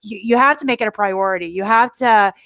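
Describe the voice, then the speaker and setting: A woman's voice: medium pitch, fairly quick, fairly bright tone, dry recording. A woman hosting a podcast, chatting casually in a rambling, self-deprecating way and laughing often. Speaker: podcast host.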